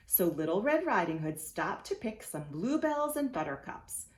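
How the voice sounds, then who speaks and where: A woman's voice: medium pitch, moderate pace, echoey room. A woman preschool teacher reading a storybook aloud to young children, inviting them to join in. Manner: animated, asks children to join in.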